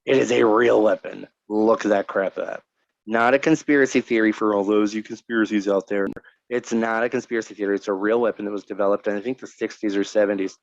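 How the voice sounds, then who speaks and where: A man's voice: fairly low pitch, steady tone, a little fast, no room sound, lo-fi sound. A man co-hosting a casual podcast chat, joking and laughing often. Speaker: podcast co-host.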